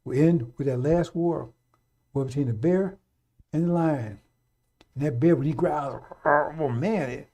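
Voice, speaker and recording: A man's voice: a little high, unhurried, a little mellow. A middle-aged man giving a fiery, off-the-cuff radio sermon, blunt and profane, repeating his warnings over and over. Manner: blunt, profane, repetitive exhortation. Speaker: radio preacher.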